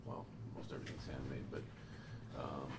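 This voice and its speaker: A man narrating a tabletop game as game master in a loose, rambling way, recorded from a distance. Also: normal speed. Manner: loose, rambling description with fillers. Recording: distant mic, background noise.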